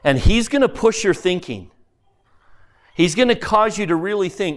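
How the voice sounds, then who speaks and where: A man's voice: high voice, animated, normal speed. A man preaching in a chapel, earnest and conversational, encouraging listeners to read a book. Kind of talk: sermon with book reading.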